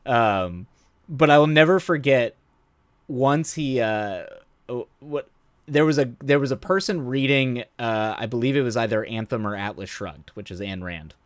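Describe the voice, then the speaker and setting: A man's voice: medium pitch, moderate pace, clear, resonant tone, no echo. Rambling, chatty male streamer. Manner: rambling, self-interrupting, laughs often. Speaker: streamer host. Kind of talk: casual live-stream chat.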